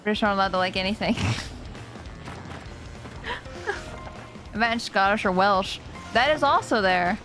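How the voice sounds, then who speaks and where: A woman's voice: medium pitch, fast talker, fairly bright tone. A woman streaming a video game, chatting playfully and often laughing. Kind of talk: casual live gameplay chat. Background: faint game music.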